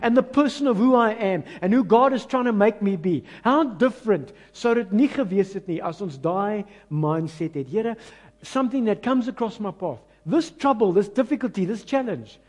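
Animated South African preacher, high voice. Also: male voice, moderate pace. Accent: South African, mixing in Afrikaans. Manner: animated preaching, swings between loud and hushed; self-mocking, conversational asides to the congregation. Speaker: pastor. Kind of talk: sermon.

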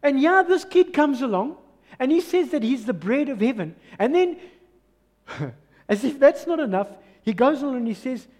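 A man with a South African English accent preaches with a high voice that keeps swinging from hushed lows to loud peaks. He acts out the voices of doubters and crowds as he goes. His voice rings in the long reverb of a church hall. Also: animated, moderate pace. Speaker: pastor. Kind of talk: sermon.

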